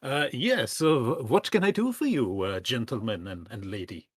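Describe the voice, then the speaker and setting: A man voicing a courteous male tavern owner in a deliberately clumsy put-on French accent. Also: mid-range voice, lively intonation, breathy edge, no echo, studio quality.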